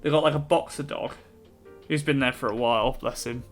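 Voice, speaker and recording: A man's voice: medium pitch, fairly even intonation, brisk, soft background music. A man streaming while he draws, chatting casually and rambling with lots of fillers. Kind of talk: casual chat while drawing.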